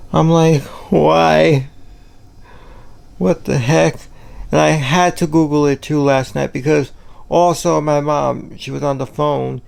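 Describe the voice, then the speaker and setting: At home in his kitchen and bedroom, a Puerto Rican vlogger talks casually and rambles, leaning on "you know" and "like." His voice is fairly high, clean in tone, with some vocal fry.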